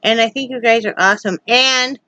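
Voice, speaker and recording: A woman's voice: a little high, fairly quick, pushed and bright, dull audio, slight background noise. A woman vlogging from home in a casual, rambling way, joking and full of fillers. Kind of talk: casual vlog chat.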